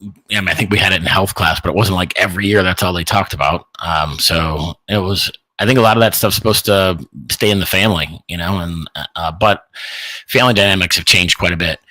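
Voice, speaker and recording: A man's voice: deep voice, steady tone, brisk, bright, forceful tone, no echo, poor audio. A middle-aged man from Illinois co-hosting a live podcast, chatting casually and rambling with lots of restarts. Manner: rambling, frequent restarts and fillers. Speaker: podcast co-host.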